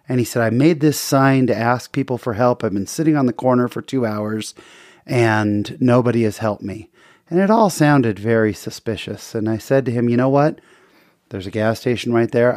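A man's voice: medium pitch, darkish tone, dry recording, studio quality. A man earnestly telling a personal story in a casual, conversational way, with small restarts. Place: hotel near San Diego, in the story.

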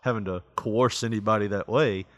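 A man's voice: lowish voice, fairly even intonation, moderate pace, fairly bright tone, no echo, studio quality. A man co-hosting a casual podcast, laughing often and slipping into mock voices as he banters. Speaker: podcast co-host.

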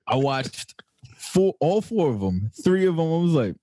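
A man's voice: a little high, big pitch swings, normal speed, warm tone, no echo. A man co-hosting a podcast, telling stories in loose slangy casual chat with lots of filler. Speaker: podcast co-host.

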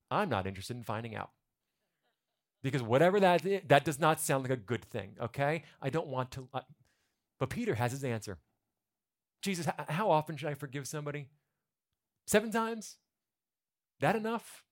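Animated man preaching with lively pitch. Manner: animated, conversational storytelling with asides. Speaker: pastor. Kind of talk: sermon.

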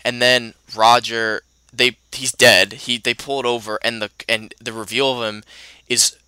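A man's voice: mid-range voice, level tone, a little slow, sharp tone, clear, resonant tone. A young man co-hosting a podcast, chatting casually about a film, rambling with many restarts and fillers. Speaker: podcast co-host.

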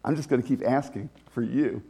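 A man preaching a conversational sermon as pastor, animated and laughing often. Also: medium pitch, a little fast, creaky, husky.

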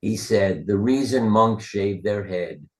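A man's voice: fairly low pitch, takes it slowly. An older man, a retired surgeon, telling rambling anecdotes in a casual interview, with fillers and acted-out quotes. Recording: roomy echo.

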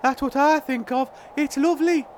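A man's voice: very high voice, fairly even intonation, moderate pace, slight background noise. A man co-hosting a comedy podcast, playful and teasing, often giggling. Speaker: co-host.

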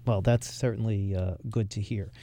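A man's voice: on the low side, fairly even intonation, moderate pace, dark tone, a little hiss or hum. A man hosting a radio talk show, pressing his guest with probing questions. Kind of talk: radio interview.

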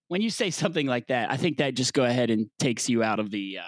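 A man's voice: mid-range voice, expressive, fast, few pauses, dry recording. Casual male podcast co-host. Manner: easygoing, joking, quizzes his co-hosts. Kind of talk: casual chat.

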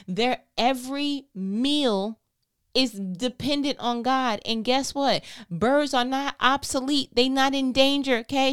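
A woman hosts a faith-based talk podcast in a lively, slangy, sermon-like way. Her voice sits a little high and sounds smooth and clear. She moves between playful jokes and earnest preaching. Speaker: podcast host.

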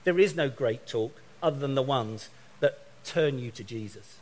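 A middle-aged man from England delivers a sermon in an animated storytelling way. He slips into other people's voices as he acts out phone conversations. His voice sits at an ordinary pitch for a man. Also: moderate pace. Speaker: preacher.

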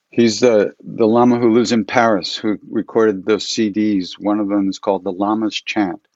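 Gravelly man telling stories at home. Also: fairly low pitch, no room sound, dull audio. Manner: relaxed, rambling, laughing storyteller. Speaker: chant leader. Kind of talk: casual storytelling to an online audience. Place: his home. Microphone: computer mic for an online event.

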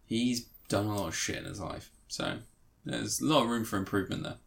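A man's voice: lowish voice, a little fast, creaky. A man co-hosting a podcast, chatting casually about games with dry, teasing humour and many ums. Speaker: podcast co-host.

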